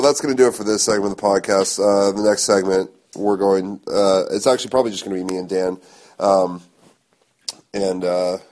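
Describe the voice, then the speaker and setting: A man's voice: sits low, a little mellow. A man hosting a podcast, laid-back and profane in casual chat. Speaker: podcast host.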